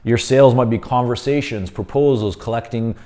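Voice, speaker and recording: Mellow-voiced man coaching consultants. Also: medium pitch, a little fast. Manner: conversational, many fillers and restarts; explains while drawing on a board. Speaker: business consultant teaching. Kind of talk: instructional talk to camera.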